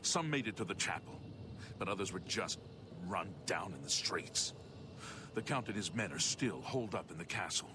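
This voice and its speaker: A man's voice: deep voice, animated, normal speed, sharp tone, a little hiss or hum. An actor playing a weary male guard captain in a video game, speaking grimly and urgently. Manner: grim, urgent.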